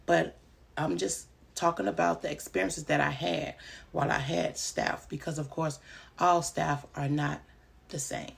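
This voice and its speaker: A woman's voice: deep voice, fairly even intonation, a little slow, gravelly. A woman who runs a home daycare, giving casual advice in a vlog and stressing her points by repeating them.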